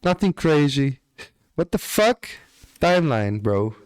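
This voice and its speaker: A man's voice: a little high, sing-song, takes it slowly, a little hiss or hum. A young man with an Australian accent chatting casually on a live stream, swearing offhandedly and tacking "bro" onto his lines. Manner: laid-back, swears casually, often ends lines with "bro".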